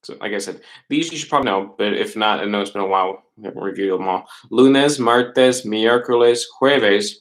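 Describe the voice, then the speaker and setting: A man teaching a middle school class over a webcam, patient, repeating words slowly and checking in with "right?" and "okay?". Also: lowish voice, rough recording. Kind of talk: recorded online class lesson.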